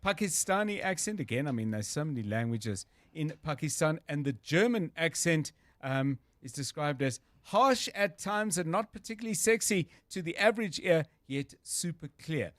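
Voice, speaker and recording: A man's voice: fairly high pitch, animated, moderate pace, hardly any pauses, a bit bright, dry recording. Playful South African radio host, man. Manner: playful, teasing, joking. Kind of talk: casual radio chat.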